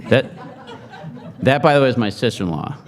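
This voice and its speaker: A middle-aged man giving a humorous after-dinner speech, joking in a deadpan, self-mocking way to an audience in a large hall. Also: medium pitch, fairly quick, crowd noise. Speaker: speaker at a forum. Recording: hall reverb.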